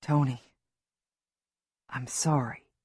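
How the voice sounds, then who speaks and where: A woman's voice: sits low, measured pace, husky, dry recording, studio quality. A woman narrator voicing a male police officer who speaks firmly and reassuringly. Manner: firm, reassuring, quietly urgent. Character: tense, steady male police officer, family friend.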